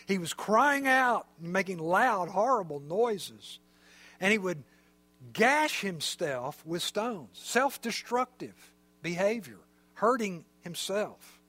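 High-voiced male preacher. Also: sharp tone, no echo. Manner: conversational, explanatory, with fillers. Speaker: pastor. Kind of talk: sermon.

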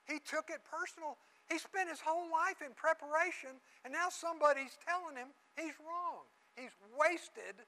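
A man's voice: very high-pitched, poor audio. A man preaching a sermon, telling the story vividly and acting out the people he quotes. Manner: animated storytelling, acts out quotes. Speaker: pastor.

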